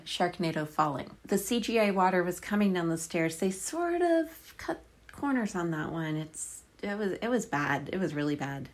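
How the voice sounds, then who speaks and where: A middle-aged woman casually recapping a movie, with sarcastic, profane asides, swinging between deadpan remarks and sudden outbursts. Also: on the low side.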